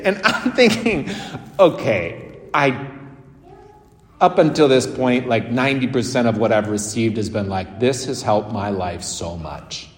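A man's voice: medium pitch, lively intonation, measured pace. A man, a Catholic priest, giving a casual, chatty homily with laughing asides. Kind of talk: conversational homily. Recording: echoey church with long reverb.

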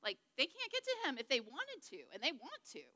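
Bright-voiced woman teaching Bible study. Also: high-pitched, huge pitch swings, brisk, in a large hall. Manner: chatty, jokey, checks in with the group. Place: large room with a group.

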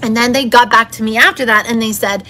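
A woman's voice: on the high side, fairly even intonation, fast, sharp tone, slight background noise. A woman hosting her own podcast, talking in a chatty, encouraging and upbeat way. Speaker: podcast host. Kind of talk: solo motivational podcast talk.

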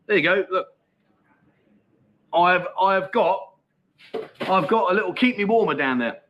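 A man's voice: high-pitched, animated, unhurried, fairly bright tone, slight background noise, poor audio. A middle-aged man hosting a casual livestream, chatting and reading out viewer comments in a matey, laughing way. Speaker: livestream host. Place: Pattaya, outdoors.

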